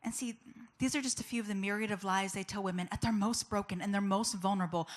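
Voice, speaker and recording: A woman's voice: mid-range voice, fairly even intonation, fast talker, hardly any pauses. A woman giving a personal testimony as a public speaker, telling her story candidly and conversationally with many casual fillers.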